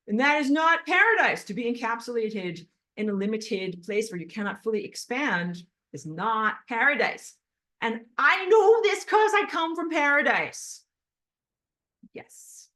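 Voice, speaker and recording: Walking on a treadmill, a female spiritual teacher gives a passionate lecture in an emphatic, blunt, agitated manner. Her voice is medium in pitch, expressive and a bit bright, at a moderate pace.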